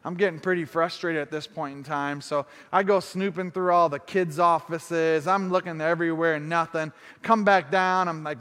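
Male pastor, high voice, lively sermon storyteller, echoing church hall. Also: normal speed, clean tone. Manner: animated, self-deprecating humor, acts out his own thoughts.

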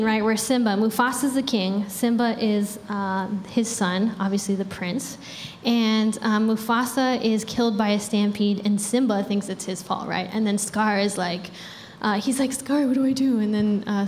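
Young woman preaching in a reverberant hall. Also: medium pitch. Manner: casual, chatty preaching with frequent fillers. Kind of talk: sermon. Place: church hall. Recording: reverberant hall with faint background noise.

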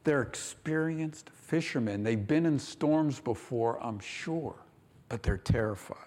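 A pastor preaches a sermon in a church sanctuary with long hall reverb, raising his voice for emphasis and acting out quoted lines. His medium-pitched voice has a darkish tone and a slightly slow delivery.

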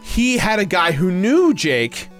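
Excitable male storyteller, slightly high voice, faint music underneath. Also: takes it slowly. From Los Angeles area. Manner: animated storyteller, acts out quotes loudly. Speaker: guest telling a story. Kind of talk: casual podcast chat.

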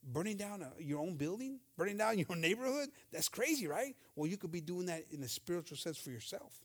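A man's voice: high voice, big pitch swings, fairly quick, fairly bright tone. A man preaching a sermon, fervent and emphatic, punctuating his points with amens and hallelujahs.

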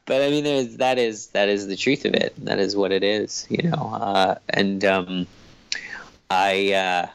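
Low-voiced man in casual podcast chat. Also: fairly even intonation, measured pace, gravelly, clean tone, no echo, poor audio. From Canada. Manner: rambling, thoughtful, hesitant with fillers. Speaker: guest, comic creator.

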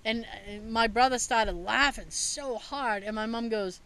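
A woman casually telling stories in a chat, animated and laughing often, with a bit of swearing. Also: fairly high pitch, measured pace, clean tone, rough recording.

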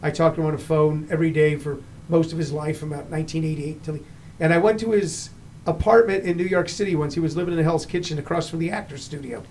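A middle-aged man hosting a casual chat, telling anecdotes with lively acted-out quotes. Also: a little high, fast, slight background noise. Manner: animated storyteller, acts out the people he quotes. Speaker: podcast host.

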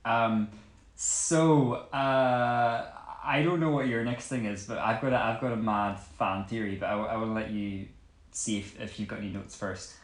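Casual co-host, male, mid-pitched, talkative and animated, recorded in a roomy, echoing space. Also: normal speed. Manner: animated, laughing, rambling with restarts. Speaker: podcast co-host. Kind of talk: casual chat about a TV show. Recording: roomy echo.

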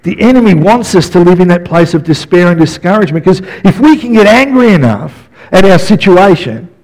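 A middle-aged man, a pastor, preaching a sermon in an animated way, dropping soft and then rising to yells as he acts out stories. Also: high voice, brisk, low-quality recording.

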